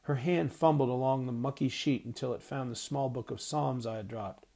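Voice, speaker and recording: Husky guy narrating an audiobook in first person, soft and hushed, middle pitch. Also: brisk, hardly any pauses. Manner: hushed, tender reading.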